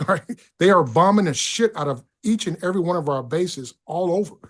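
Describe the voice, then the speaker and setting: A middle-aged man talking as a podcast guest, excitable and profane, often stumbling over his words. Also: high-pitched, brisk. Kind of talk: casual political chat.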